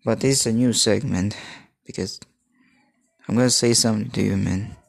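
A man's voice: fairly low pitch, steady tone, vocal fry, no room sound. Hesitant, rambling man with a dry sound. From Philippines. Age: 30s. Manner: halting, searching for words, many restarts. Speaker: podcast host. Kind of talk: rambling solo podcast monologue.

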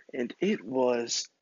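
A man's voice: mid-range voice, dry recording, dull audio. Man telling a comic story. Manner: animated, self-mocking.

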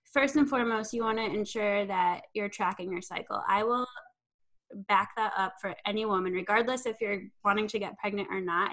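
Young woman, fitness coach guest, upbeat, encouraging, mid-pitched voice. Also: a bit bright, poor audio. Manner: upbeat, encouraging, frequent "um" and "you know". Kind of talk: conversational interview.

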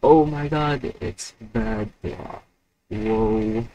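A man's voice: mid-range voice, drawn-out words, dull audio, a little hiss or hum. A young man hosting a live stream alone, rambling and mocking himself while he waits for viewers. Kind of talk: casual solo live stream chat.

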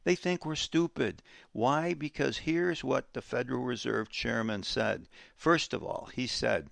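A man hosting a financial talk show, explaining economics emphatically and repeating key words slowly for effect. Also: mid-range voice, creaky, a bit bright, no echo, studio quality.

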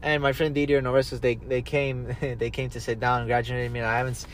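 A man's voice: mid-range voice, little pitch movement, fast talker, slight background noise. A young man hosting a casual podcast, rambling through stories, quoting people and swearing freely. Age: young adult. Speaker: podcast host. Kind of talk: casual chat, storytelling.

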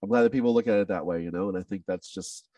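A man speaking as a podcast guest, telling an emotional personal story in an animated way, with many restarts and quoted dialogue. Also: deep voice, very fast, no room sound, distant mic.

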